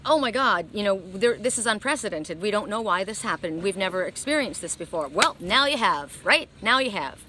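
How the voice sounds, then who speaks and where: A woman's voice: mid-range voice, animated, fairly quick, few pauses, bright, forceful tone, slight background noise. A woman oracle card reader telling her viewers a story in an earnest, emphatic way, recorded outdoors. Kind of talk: casual spiritual talk to viewers.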